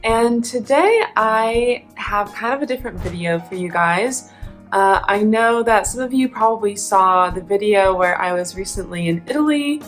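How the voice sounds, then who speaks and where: A woman's voice: medium pitch, animated, moderate pace, soft background music, rough recording. A young adult woman, an opera singer, hosting a casual vlog and chatting in a rambling way with frequent laughs.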